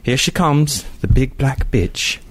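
Fussy British show-dog announcer played by a man, slow and high, admiring. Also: lively intonation, breathy edge. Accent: put-on British. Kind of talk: podcast chat.

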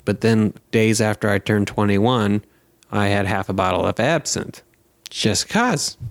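A man's voice: on the low side, little pitch movement, moderate pace, no room sound. A young American man hosting a podcast, telling stories in a rambling, jokey way and sometimes slipping into silly voices. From United States. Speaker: podcast host. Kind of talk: casual chat.

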